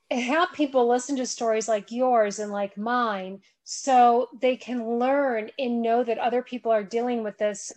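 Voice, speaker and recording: A woman's voice: a little high, no echo. A woman hosting a podcast, talking earnestly in a rambling, conversational way. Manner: earnest, rambling, backs up and restarts. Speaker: podcast host.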